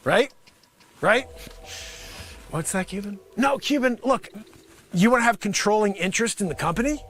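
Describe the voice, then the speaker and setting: A man hosts his own comedy show and improvises a mock sales pitch in a high, bright voice. His delivery is brash and sarcastic, and his pitch swoops wildly up and down. He mutters asides and then breaks into sudden shouts. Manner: swings between mumbled asides and sudden shouted outbursts.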